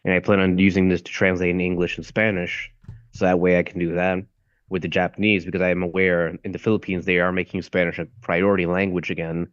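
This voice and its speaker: Low-voiced young man on a dull mic. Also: flat delivery, fast, dry recording. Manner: rambling, searching for words. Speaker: aspiring voice actor. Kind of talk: casual stream chat.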